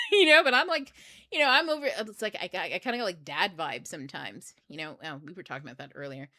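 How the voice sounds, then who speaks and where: A woman's voice: fairly low pitch, lively intonation, fast, pushed and bright, dry recording, studio quality. Blunt, profane woman talking casually. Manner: blunt, profane, laughs often. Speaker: book club host. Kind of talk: casual livestream talk.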